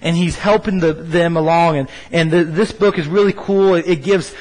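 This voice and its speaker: A pastor preaching a sermon, repeating a scripture line slowly and emphatically, with frequent restarts. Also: male voice, on the high side, steady tone, darkish tone, long reverb tail, poor audio. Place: church stage.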